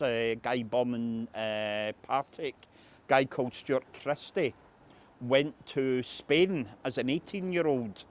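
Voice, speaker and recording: A man with a Glasgow accent leading a walking tour outdoors, telling local history anecdotes and acting out quoted voices. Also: mid-range voice. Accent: Scottish (Glasgow). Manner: anecdotal, acts out quoted voices, frequent "uh" fillers. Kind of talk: guided street tour storytelling. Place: outdoors on a city street.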